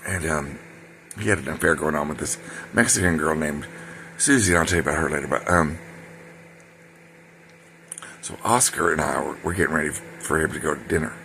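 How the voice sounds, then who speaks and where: A man's voice: very deep voice, fairly quick, pauses often, pushed and bright, a little hiss or hum. A man telling a personal story in a casual, rambling way, full of fillers and side remarks. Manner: rambling, digressive, many fillers and asides.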